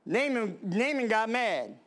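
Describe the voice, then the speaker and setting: A man's voice: high voice, sing-song, unhurried, a bit bright. A man preaching a sermon, reading scripture aloud and then explaining it in plain talk with fillers and restarts.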